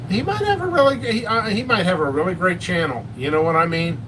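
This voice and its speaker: A man's voice: high-pitched, animated, fairly quick, distant mic, noisy background. A man hosting a casual live stream about peppers and hot sauce, rambling and joking at his own expense. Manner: rambling, joking, self-mocking.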